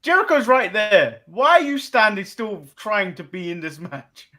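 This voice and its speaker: A man's voice: sits high, sing-song, measured pace, pushed and bright. A man from England co-hosting a casual wrestling recap show, dry and dismissive as he recaps. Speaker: podcast co-host.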